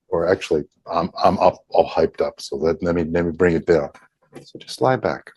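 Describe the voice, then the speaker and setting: A man leading a group healing session over a video call, speaking slowly and deliberately and softly repeating affirmations. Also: low-pitched, steady tone, slightly rough, no room sound, muffled recording.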